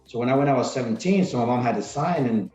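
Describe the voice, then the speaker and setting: A retired Marine in his forties, about forty, guests on a podcast, telling stories in a rambling, casual interview chat full of restarts. His medium-pitched voice is expressive, quick and a little mellow. Soft background music plays, and the recording sounds roomy and dull.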